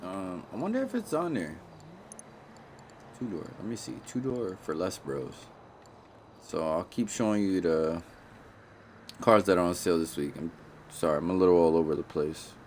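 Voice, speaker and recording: A man's voice: low voice, animated, normal speed, pauses often, darkish tone, slight background noise. A man doing casual live-stream commentary on a video game, playful and slangy, often repeating himself and apologizing. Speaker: gaming streamer.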